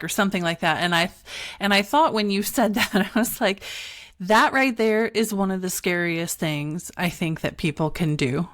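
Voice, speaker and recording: A woman's voice: mid-range voice, steady tone, moderate pace, no room sound, studio quality. A woman hosting a podcast, asking questions thoughtfully and feeling her way toward them. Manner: thoughtful, searching, hesitant restarts when asking. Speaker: podcast host. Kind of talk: conversational podcast interview.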